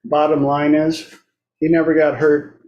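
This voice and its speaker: A man's voice: fairly high pitch, flat delivery, measured pace, echoey room, highs cut off. A man hosting a casual talk show, telling blunt stories and acting out the people in them. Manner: blunt storytelling, acts out quoted voices. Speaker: host. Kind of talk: casual chat.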